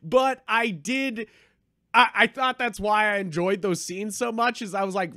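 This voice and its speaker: Male podcast co-host, high bright voice, very lively delivery, dry close sound, casual and profane. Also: unhurried, dry recording. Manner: animated, swears freely, acts out reactions in quotes. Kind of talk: casual movie review chat.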